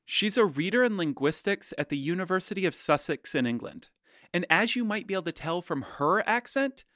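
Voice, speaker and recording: A man hosting a podcast in scripted narration, loud and brash with a playful, teasing manner. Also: high voice, dry recording, studio quality. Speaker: podcast host.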